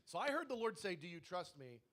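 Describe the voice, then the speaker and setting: A man leading a prayer room, telling a personal testimony to his congregation in an animated way and acting out the dialogue. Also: high voice, fairly quick.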